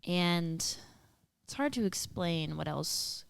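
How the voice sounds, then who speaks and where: A woman chatting casually on a podcast, giggly and playful, slipping into quick impressions. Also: on the low side, expressive, vocal fry, clean tone. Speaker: podcast co-host.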